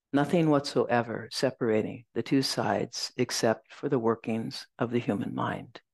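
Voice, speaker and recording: A woman Zen teacher giving a dharma talk, reflective and gentle, telling a personal story and reciting verses slowly. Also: a bass voice, vocal fry, breathy edge, no room sound.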